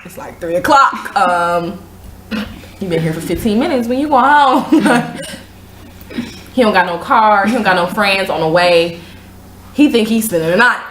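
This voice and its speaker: A woman hosting a casual chat show, telling a long story with slang and acting out the other people's lines in a higher voice. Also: measured pace, long pauses, echoey room, slight background noise, low-quality recording. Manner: animated, slangy, acts out quotes in a higher voice. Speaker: show host.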